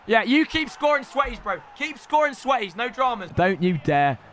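A young man commentating his own football video game matches, excitable and sweary, ribbing his opponents. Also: very high-pitched, normal speed, slight background noise. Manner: excitable, shouty, sweary banter. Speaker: gaming YouTuber. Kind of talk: live gameplay commentary. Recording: game music behind voice.

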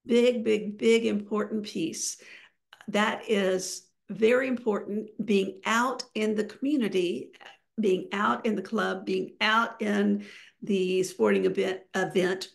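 A woman's voice: mid-range voice, steady tone, slow pace, gravelly. A woman giving a webinar presentation over a video call, talking with many fillers and restarts.

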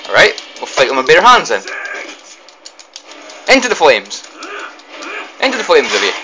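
A young man commentates a video game playthrough, reacting loudly to every hit. His voice leaps up and down with excitement and the odd mild curse. His talk is quick and unscripted. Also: fairly high pitch, over music, rough recording. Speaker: gaming commentator. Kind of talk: let's play commentary.

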